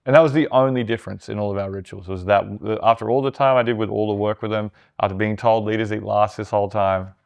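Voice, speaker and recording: A man, a startup founder, telling animated stories in casual conversation, swearing and mimicking others' voices. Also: lowish voice, quick pace, creaky, few pauses. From Australia.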